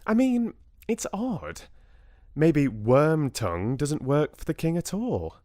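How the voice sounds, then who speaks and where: A man's voice: on the high side, big pitch swings, darkish tone, no echo, studio quality, pitched above the performer's own voice. A man voicing a frank, sceptical young woman friend with a British accent in an audiobook. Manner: brisk, forthright.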